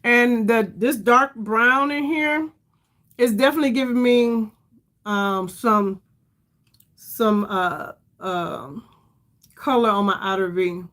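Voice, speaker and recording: A tired middle-aged woman chats her way through a makeup livestream. Her voice sits on the high side, and she rambles as she talks to her viewers. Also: takes it slowly, long pauses, a bit bright. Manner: chatty, addresses viewers as y'all, rambling. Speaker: beauty livestream host. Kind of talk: casual livestream makeup chat.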